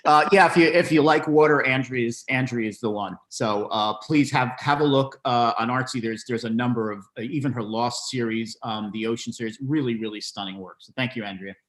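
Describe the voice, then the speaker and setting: Halting, chatty male gallery curator. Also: mid-range voice. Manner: warm-hearted praise, many ums and restarts. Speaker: gallery curator hosting a virtual tour. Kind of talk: casual video-call discussion.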